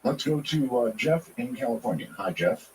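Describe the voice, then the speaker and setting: A man hosting a call-in radio talk show, who answers callers in a measured, thoughtful way. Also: mid-range voice, animated, slight background noise, low-quality recording.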